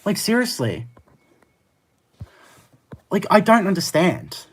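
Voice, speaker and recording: A live streamer chatting with viewers and arguing back at their messages in fast rants full of "like", laughing often. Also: mid-range voice, big pitch swings, breathy edge. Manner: argumentative, fast rants with many "like" fillers; laughs often, easily amused.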